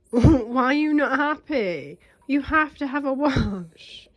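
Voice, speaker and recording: A young British woman pet sitter in a casual vlog, cooing to animals in soft baby talk while bathing them at home. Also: sits high, expressive, slow, highs cut off. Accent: British English. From United Kingdom. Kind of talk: casual vlog talking to pets.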